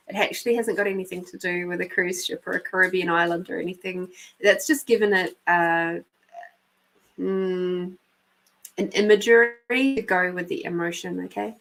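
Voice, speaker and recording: A woman's voice: medium pitch, fairly bright tone, poor audio. A woman from New Zealand with a New Zealand accent, hosting a live stream and giving intuitive card readings in a chatty, affectionate way, speaking to viewers by name.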